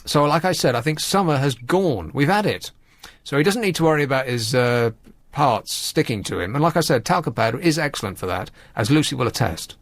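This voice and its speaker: A man's voice: medium pitch, animated, fairly quick, no room sound. A man hosting a late-night radio phone-in, talking in a wry, rambling, teasing way into a studio microphone.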